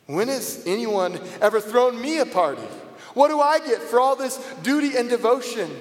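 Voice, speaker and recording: Slow high-voiced man in an echoey hall. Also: expressive. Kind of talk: dramatic first-person biblical monologue. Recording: echoey hall with long reverb.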